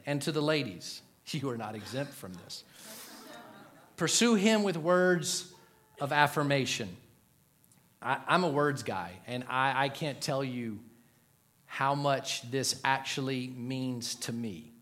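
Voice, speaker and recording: Speaking at normal speed in a slightly high voice, this middle-aged pastor delivers a sermon with jokes and animation. He moves between loud punchlines and quiet, earnest asides for the congregation.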